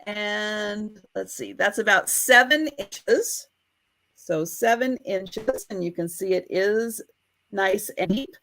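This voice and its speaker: A woman co-hosting a live online vintage sale, describing each piece carefully with frequent ums and pauses, streaming over a home internet connection. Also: medium pitch, lively intonation, fairly bright tone. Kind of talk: live online sales chat.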